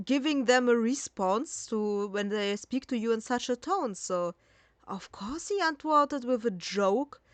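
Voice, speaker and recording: A woman's voice: on the high side, a bit bright, dry recording. Blunt, sarcastic woman reacting late at night. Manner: blunt, sarcastic, swears freely. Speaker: reaction commentator. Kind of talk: casual reaction commentary.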